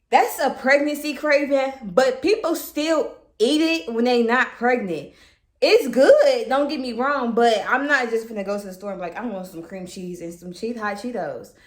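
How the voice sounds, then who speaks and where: A woman's voice: mid-range voice, reverberant. A pregnant woman in casual storytime chat at home, retelling things dramatically with slang and swearing. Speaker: vlogger telling her own story. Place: her apartment.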